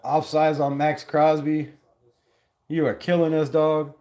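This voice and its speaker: A man's voice: a little high, flat delivery, unhurried, dark tone. A man hosting a fan watch-party livestream, calling the plays in a loose, chatty way and getting heated at his own team's players. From Las Vegas area. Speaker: livestream host. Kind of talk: casual watch-party play-by-play.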